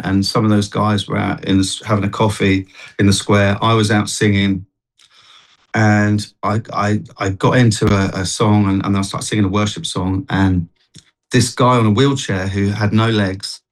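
Man, evangelist, testimony, animated, restarts. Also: fairly low pitch, normal speed. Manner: animated storytelling, many restarts. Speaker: street evangelist and worship singer. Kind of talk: testimony in a Christian talk show interview.

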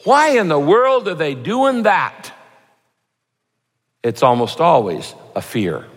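Lively preacher guy, kinda high voice, punchy one-liners, big echoey church hall. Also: slow. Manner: animated, punchy rhyming lines, mock voices for examples. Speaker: pastor. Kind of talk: sermon.

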